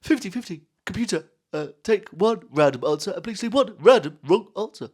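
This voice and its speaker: A man doing a showy quiz-show host. The voice is pushed up high with slow, teasing pauses. Each question is drawn out for suspense. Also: expressive, slightly rough, exaggerated voice.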